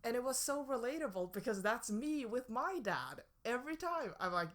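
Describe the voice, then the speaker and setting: A woman's voice: a little high, very animated, moderate pace, a bit bright. A young woman co-hosting a podcast in casual chat, playful and joking. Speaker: podcast co-host.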